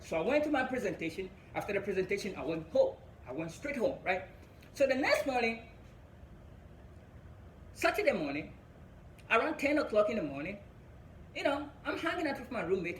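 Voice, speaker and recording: A young Ghanaian man doing stand-up storytelling, animated and laughing at his own story. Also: extremely high pitch, fairly quick, echoey room, a little hiss or hum, low-quality recording. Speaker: stand-up comedian.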